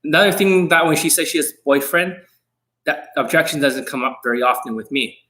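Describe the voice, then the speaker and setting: Male dating coach on a live stream, blunt and foul-mouthed, voice sits a bit high. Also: fairly quick, pushed and bright. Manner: blunt, profane and brash; answers viewers' questions.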